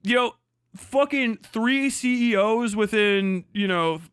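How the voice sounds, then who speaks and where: A man's voice: high-pitched, slow, a bit bright, clear, resonant tone, no room sound, clean studio sound. A man hosting a live stream, ranting bluntly and heatedly with a lot of swearing. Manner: heavily profane, heated and blunt.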